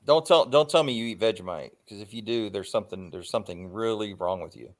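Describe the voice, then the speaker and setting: A man chats loosely with his viewers on a livestream. He rambles from one topic to the next, stops often for ums and uhs, and swears without a second thought. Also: on the low side. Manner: rambling, swears freely, frequent filler pauses. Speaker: livestream host. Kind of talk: casual livestream chat.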